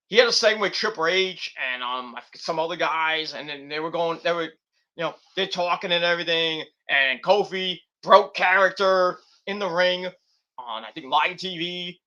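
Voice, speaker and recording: A man's voice: on the high side, bright, forceful tone. A man hosting a casual late-night wrestling podcast, rambling and profane with lots of fillers. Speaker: podcast host.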